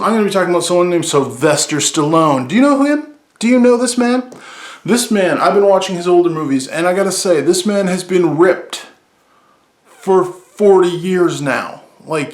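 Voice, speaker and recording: Upbeat man, echoey room. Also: a little high. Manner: rambling, upbeat, corrects himself mid-sentence. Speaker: movie podcast host. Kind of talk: casual solo chat.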